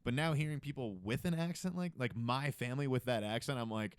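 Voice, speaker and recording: A man co-hosting a comedy podcast, talking loosely and swearing a lot while high, from the East Coast of the US. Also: fairly quick, clear, resonant tone, dry recording, studio quality. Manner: loose, profane, laid-back joking. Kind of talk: casual chat.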